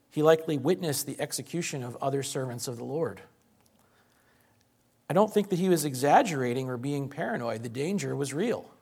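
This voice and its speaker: A man's voice: medium pitch, gravelly, a little mellow. A man, a pastor, delivering a sermon in a conversational, explanatory way, asking rhetorical questions.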